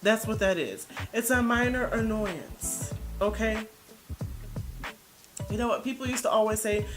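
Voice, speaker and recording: A woman's voice: on the high side, a little slow, long pauses, music in the background. A woman vlogger giving casual reaction commentary, blunt and defensive, rambling as she searches for words.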